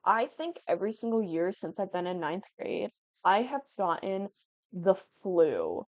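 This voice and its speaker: A 19-year-old woman who makes gaming YouTube videos chats at home during gameplay, rambling giggly and leaping from thought to thought. Her mid-range voice is very animated, unhurried and a little mellow. The sound is dull, lo-fi and dry, without echo.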